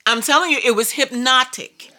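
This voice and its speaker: A woman's voice: high voice, moderate pace, bright, forceful tone. A woman preacher telling a personal story in a sermon, emphatic and repetitive. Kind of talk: sermon testimony.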